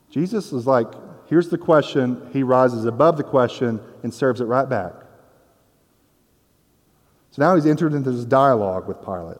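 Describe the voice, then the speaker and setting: A man's voice: mid-range voice, lively intonation, normal speed. A man preaching a conversational sermon, explaining scripture in a casual, explanatory way with playful asides. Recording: long hall reverb.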